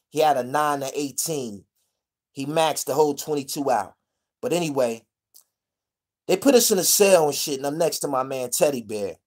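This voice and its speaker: A man from the Pittsburgh area telling a casual vlog story in profane street slang, rambling and restarting, checking in with "you dig?". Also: medium pitch. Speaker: vlogger telling prison stories.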